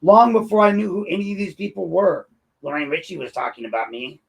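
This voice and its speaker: A man's voice: high voice, fairly quick, vocal fry, rough recording. A man hosting his own show, ranting in a combative and mocking commentary. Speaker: host and local activist.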